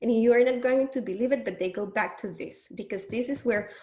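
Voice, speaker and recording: A woman with a fairly high voice demonstrates early reading steps, stretching words into syllables with exaggerated care. She is patient and encouraging. Her voice rings in an echoey room. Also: a little fast, darkish tone. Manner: exaggerated mouth movements, sounding out syllables. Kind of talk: demonstration lesson.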